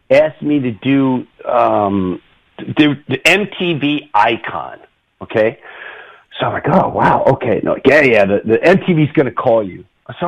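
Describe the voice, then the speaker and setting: A middle-aged man hosting a radio show, telling an animated story with laughs and quick impressions. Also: mid-range voice, highs cut off. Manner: animated, laughs often, does voices in anecdotes. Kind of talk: casual storytelling.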